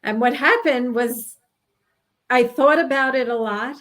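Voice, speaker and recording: A woman in her sixties from New York recounts a personal experience in an interview. Her voice sits somewhat high, and she speaks earnestly and haltingly, often breaking off and starting a sentence again. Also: fairly bright tone. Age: 60s. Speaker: guest telling her experience.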